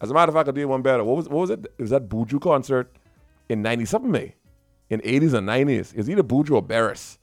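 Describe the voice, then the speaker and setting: A man's voice: mid-range voice, animated, very fast, faint music behind. A man hosting a radio show in casual, playful banter, laughing often and slipping into local dialect. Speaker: radio host. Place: radio studio.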